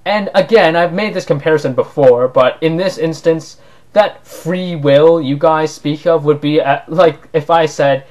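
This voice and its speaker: A man talks straight to the camera in a slightly higher-than-usual voice. He argues his point with sarcasm and mounting indignation, pressing his case hard. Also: unhurried, darkish tone. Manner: sarcastic, argumentative, rising to indignant outbursts. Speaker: vlogger. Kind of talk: opinion monologue to camera.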